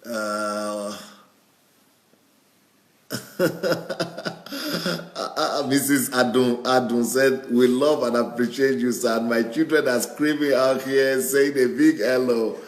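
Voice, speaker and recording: A man's voice: mid-range voice, slow, long pauses. A man, a pastor, reading out viewer comments and chuckling often as he goes. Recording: roomy echo.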